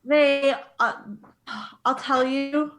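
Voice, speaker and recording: A woman guest on a podcast, a dog trainer, telling stories in an animated, heartfelt way. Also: sits high, extremely slow. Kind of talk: casual conversational interview.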